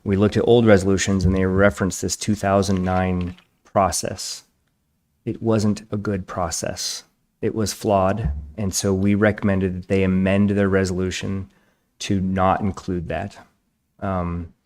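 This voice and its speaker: A man's voice: sits low, little pitch movement, unhurried, a little mellow. A man from planning staff explaining a process to a commission in a matter-of-fact way. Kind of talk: explaining at a public meeting.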